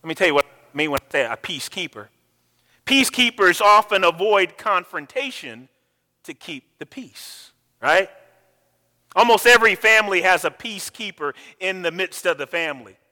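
High, bright-voiced preaching man. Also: lively intonation, moderate pace, in a large hall. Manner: emphatic, repeats words, asks the congregation to answer. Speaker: pastor. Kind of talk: sermon.

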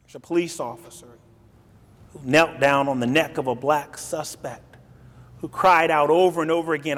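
A high-voiced man preaches at an unhurried pace, his pitch leaping and falling with feeling. He acts out the scripture quotes dramatically, moving from near-whispers to shouts. His voice rings through a large hall with a long echo. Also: animated. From grew up in a city. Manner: dramatic, swings between soft and loud, acts out quotes. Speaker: pastor. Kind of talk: sermon.

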